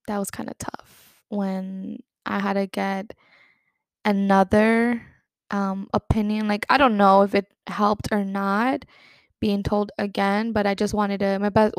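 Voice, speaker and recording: A woman's voice: mid-range voice, creaky, no echo. A young woman hosting a podcast, telling her own story in a candid, rambling way with lots of "like" and a few Spanish words. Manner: candid, rambling, heavy use of "like". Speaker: podcast host. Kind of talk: personal storytelling monologue.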